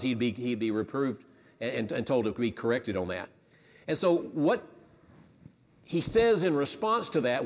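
A man's voice: fairly high pitch, in a large hall. A pastor preaching a sermon in a conversational way, often restarting his phrases.

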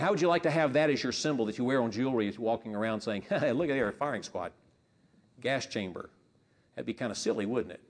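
Male preacher, mid-pitched, emphatic sermon delivery with rhetorical questions. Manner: emphatic, rising and falling in loudness, rhetorical questions.

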